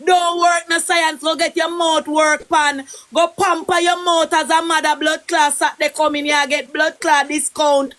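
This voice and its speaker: A woman's voice: high voice, level tone, a little slow, few pauses, a bit bright. A Jamaican woman ranting in patois, scolding someone over and over. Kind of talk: heated gossip chat in patois.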